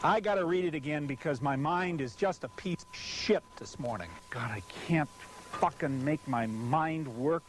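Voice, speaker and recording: A man's voice: fairly high pitch, moderate pace, few pauses, a little hiss or hum. A man presenting an industrial film, swearing constantly and exasperated as he keeps forgetting his lines on a hot studio set. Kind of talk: blown takes and outtakes on a film shoot. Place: hot studio set beside a car under bright lights.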